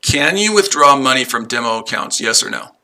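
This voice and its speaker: Sharp-voiced combative male stream host. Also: mid-range voice, animated, a little fast, gravelly. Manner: combative, profane, repeats himself. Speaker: livestream trading host. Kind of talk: unscripted livestream talk to chat viewers.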